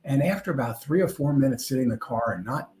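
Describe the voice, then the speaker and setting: An older man with a New York accent is giving a conference presentation from a stage. He talks in a loose, conversational way, tossing in small jokes and asides, at a middle pitch. His voice rings out in a roomy hall. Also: expressive, fast talker, darkish tone, soft background music. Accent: New York (Long Island). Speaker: conference speaker. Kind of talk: presentation talk.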